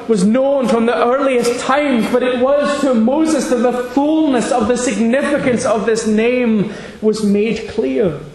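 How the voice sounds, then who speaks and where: A man's voice: very high-pitched, darkish tone. A man preaching a sermon, earnest, often repeating phrases for emphasis, in a church hall. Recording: echoey hall with long reverb.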